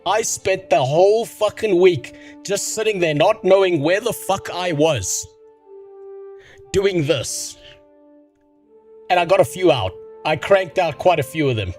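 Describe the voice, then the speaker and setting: His voice sits high and moves a little slowly, with faint music in the background. The host of a casual livestream, he's a sick, medicated man from South Africa who rambles, swears, and gets excitable.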